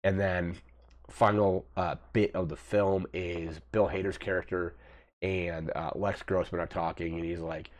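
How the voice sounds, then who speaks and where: Low-voiced man rambling through a movie recap. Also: little pitch movement, a little slow. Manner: rambling, filler-heavy retelling. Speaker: host of a movie review channel.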